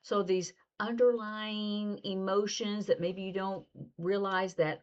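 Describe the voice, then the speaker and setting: A woman of middle pitch gives a relaxed video lesson, chatting her way through each point. She drops into short acted-out exchanges to show what she means. The sound is dull and a bit lo-fi. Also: takes it slowly. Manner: chatty, acts out little example dialogues. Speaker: sign language teacher.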